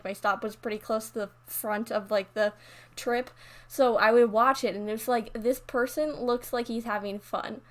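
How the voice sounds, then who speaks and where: Casting: teen girl YouTuber, slightly high voice, loose rambling storytime delivery. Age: teens. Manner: rambling, full of "like" and restarts. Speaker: YouTuber narrating over a speed build. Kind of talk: casual storytime chat.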